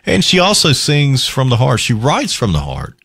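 A man hosting a country radio show, chatting between songs in a lively, easygoing way and chuckling at his own asides. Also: mid-range voice, normal speed, husky, no room sound, studio quality.

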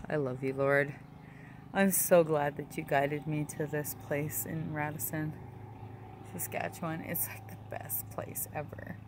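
A woman's voice: low-pitched, steady tone, a little slow, background noise. A woman telling a rambling, emotional personal story in a casual home vlog, often adding "right?" and "like". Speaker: vlogger.

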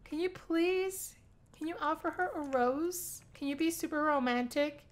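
Brief: young woman host, high voice, excitable let's-play commentary, quick to squeal and laugh. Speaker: gaming channel host.

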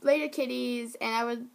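Teen girl rambling on her vlog, giggly, bit of a high voice, hops topic to topic. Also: creaky, noisy background. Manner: chatty, giggly, jumps between topics. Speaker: vlogger. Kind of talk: casual vlog chat.

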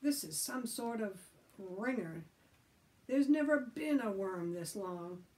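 A woman voicing Billy, a stubborn and suspicious boy, with raised, emphatic, drawn-out protests. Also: mid-range voice, expressive, a little mellow. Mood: wary. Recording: voice from a distant mic.

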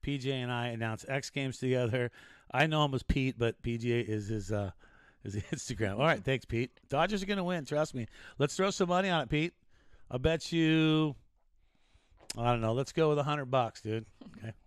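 A man's voice: medium pitch, moderate pace, clean tone, no echo, studio quality. A man hosting a casual show, joking and rambling through odd news stories with restarts. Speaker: show host.

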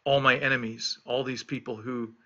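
Earnest pastor with a bright voice. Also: male voice, medium pitch, little pitch movement, normal speed, muffled recording. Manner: earnest, emphatic, repeats key phrases. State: recovering from illness. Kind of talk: devotional reflection on scripture.

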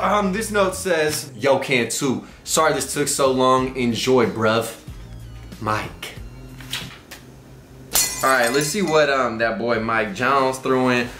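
A man's voice: mid-range voice, a bit bright. Slangy young man in an echoey room. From Texas. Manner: rambling, slangy, jokey. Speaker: vlogger. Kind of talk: casual unboxing vlog.

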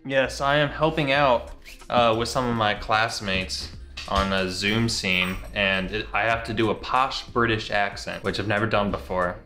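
A man co-hosting a vlog, chatting in a relaxed, self-mocking way from a car. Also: lowish voice, measured pace, faint music behind. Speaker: vlog co-host. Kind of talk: casual chat.

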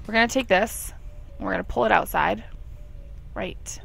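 A young woman provides casual let's play commentary over a life-simulation game, her mid-range voice creaky, husky, and fairly bright at a moderate pace. She chats away, laughs often, and talks to the characters.

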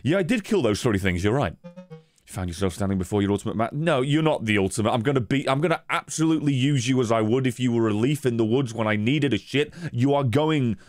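A man streaming a card game, giving casual commentary, swearing often and breaking into sudden high squeals. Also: lively intonation, fairly quick, few pauses, dry recording.

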